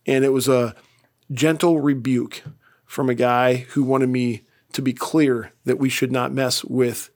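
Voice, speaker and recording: A man's voice: medium pitch, vocal fry. A middle-aged man giving an earnest, plainspoken devotional Bible talk as a pastor. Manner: earnest, plainspoken, ends in prayer.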